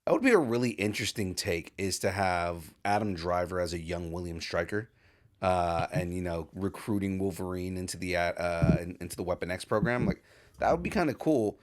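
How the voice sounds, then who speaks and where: A man's voice: deep voice, brisk. A man co-hosting a geek culture podcast, chatting casually and hesitantly with many restarts. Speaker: podcast co-host. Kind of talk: casual chat.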